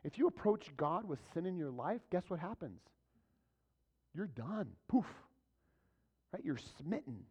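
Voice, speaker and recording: Higher-voiced pastor preaching on a dull recording. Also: male voice, very animated, unhurried, long pauses, mellow, slightly rough. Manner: conversational preaching with rhetorical questions. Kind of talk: sermon.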